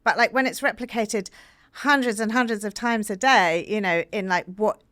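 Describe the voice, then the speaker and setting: British woman author on a podcast, chatty and earnest, smooth voice. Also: mid-range voice, moderate pace, no room sound, studio quality. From Britain. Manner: earnest, animated storytelling with many fillers. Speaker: author guest. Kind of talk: podcast interview.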